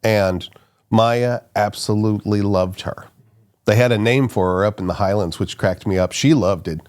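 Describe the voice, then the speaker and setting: A middle-aged man, an archaeologist guest, telling stories in a casual interview, animated and quick to laugh. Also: on the low side. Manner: animated, laughs often, restarts sentences.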